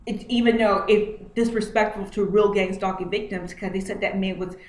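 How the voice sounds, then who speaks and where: A woman's voice: mid-range voice, fairly even intonation, moderate pace, darkish tone. A woman vlogging from home at her computer, talking through what is on her screen in an agitated way and repeating herself often. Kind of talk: screen-share commentary. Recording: roomy echo, faint noise.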